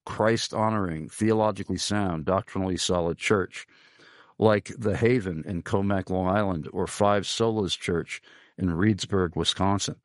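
A man's voice: on the low side, no echo, studio quality. A man hosting a Christian radio talk show, earnestly pleading with listeners for support and reading out a listener's question. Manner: earnest, pleading, lists many phrases.

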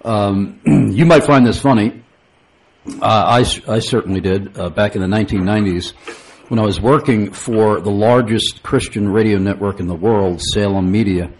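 Low-voiced radio host. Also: male voice, normal speed, darkish tone, slight background noise, rough recording. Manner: hesitant with frequent uh fillers, chuckling asides. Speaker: radio talk show host. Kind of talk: call-in radio talk show.

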